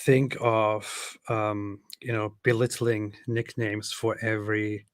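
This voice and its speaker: A man's voice: on the low side, level tone, slow, no echo. A man hosting casual commentary on video clips, incredulous and mocking in tone. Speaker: host.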